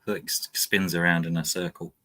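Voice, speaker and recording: A man's voice: low voice, level tone, moderate pace, sharp tone. A man joining a livestream chat, casual with a dry, wry sense of humor.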